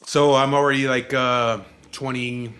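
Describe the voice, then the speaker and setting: A man's voice: medium pitch, flat delivery, unhurried, fairly bright tone. A man in his forties from Southern California, telling a story casually with a lot of swearing and fillers. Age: 40s. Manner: laid-back and profane, with frequent fillers.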